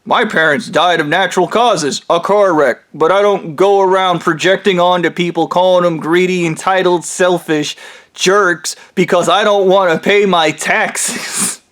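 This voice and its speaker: An everyday, blunt guy asking pointed questions, voiced by a man in a fairly high, plain tone. He talks matter-of-factly, without putting much on. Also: fairly even intonation, unhurried, a bit bright. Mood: calm. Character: blunt ordinary man questioning a rich vigilante.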